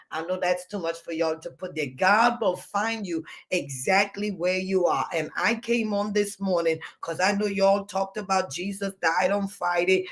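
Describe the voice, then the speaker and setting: Male preacher on a video call, high-pitched, repetitive call-and-response style. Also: a bit bright. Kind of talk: livestreamed sermon.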